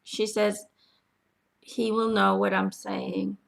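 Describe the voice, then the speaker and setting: A woman acting as a spiritual medium, reading answers to questions from her followers in a gentle, halting way with many pauses. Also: mid-range voice, flat delivery, gravelly. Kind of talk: channeling reading, casual spoken.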